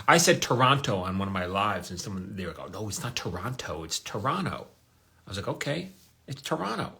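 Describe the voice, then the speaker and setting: A man's voice: medium pitch, a bit bright. Chatty man answering live-stream comments. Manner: chatty, offhand, plugs his show and answers viewers directly. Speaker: showrunner hosting a live stream. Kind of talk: casual live-stream Q&A, reading comments aloud. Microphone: phone or webcam on a live stream.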